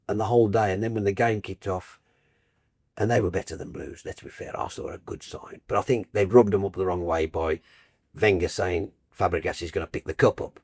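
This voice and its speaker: An older man from Birmingham, England tells football stories in a podcast chat. He is animated and slips into the voices of the people he describes. His voice sits a little low. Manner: animated storyteller, acts out voices in his tales. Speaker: football broadcaster, guest.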